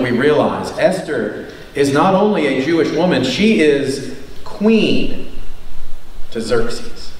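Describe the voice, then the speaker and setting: Pastor, male, conversational sermon with frequent tag questions; a touch higher than usual; distant mic in a booming, echoey hall. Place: church hall.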